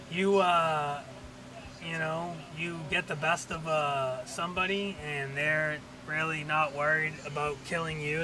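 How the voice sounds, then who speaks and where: Rambling man streaming over loud engine noise. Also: on the high side. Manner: rambling, swears, thinks aloud. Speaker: livestream host. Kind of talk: casual livestream chat. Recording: loud vehicle and game noise behind.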